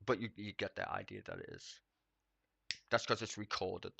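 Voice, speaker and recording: A man's voice: lowish voice, huge pitch swings, normal speed, creaky, pushed and bright, husky, no room sound. A man streaming live, ranting casually and mockingly about the news, swearing often and laughing.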